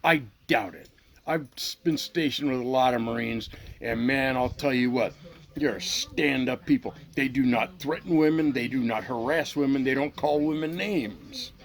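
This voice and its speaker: Brief: middle-aged male vlog host, gravelly voice, angry and profane, talking off the cuff. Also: medium pitch, normal speed. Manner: profane, heated, repeats himself. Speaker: channel host. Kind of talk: angry unscripted rant to camera.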